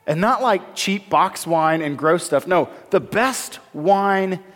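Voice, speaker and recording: A man's voice: sits high, animated, takes it slowly, a bit bright. A man preaching a sermon as a pastor, conversational and joking, acting out the dialogue while reading scripture. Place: church hall. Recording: long hall reverb.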